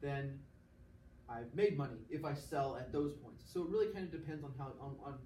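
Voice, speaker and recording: In this classroom lecture, a man's mellow, medium-pitched voice moves a little quickly. He walks through the material step by step, pauses to check on the students, and acts out little examples. Faint noise and the echo of a classroom come through, heard from far off.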